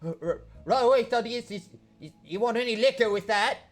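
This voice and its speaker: A man's voice: very high voice, a little fast, pitched above the performer's own voice. A man voicing a nervous small male orc servant who stammers eagerly. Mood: flustered.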